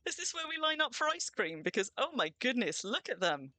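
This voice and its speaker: A woman's voice: on the high side, very animated, fairly quick, sharp tone, dry recording. A woman hosting a game livestream, chatting in a bubbly way and greeting her viewers. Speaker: streamer hosting a game stream. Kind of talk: casual livestream chat.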